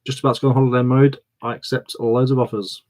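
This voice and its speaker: A man chats loosely on a live stream, bantering with viewers and reading their comments aloud. His pitch sits right in the middle for a man, and his manner is playful and chatty. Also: level tone, quick pace, darkish tone. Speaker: channel host streaming live. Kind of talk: casual live-stream chat.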